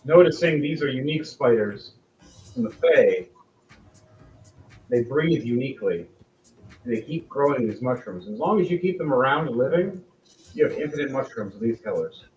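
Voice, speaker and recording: A man narrating as game master in a relaxed, chuckling way. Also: mid-range voice, moderate pace, pauses often. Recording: distant, dull roomy mic.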